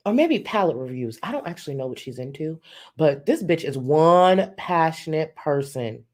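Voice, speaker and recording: A woman streamer giving blunt, sassy, profane live-stream commentary and often breaking into laughter. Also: deep voice.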